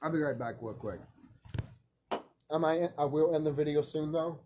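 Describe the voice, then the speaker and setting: A man's voice: a little high, normal speed, dark tone, slight background noise. A man talking in a casual, rambling vlog monologue, emphatic and profane, repeating himself and laughing often. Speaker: vlogger.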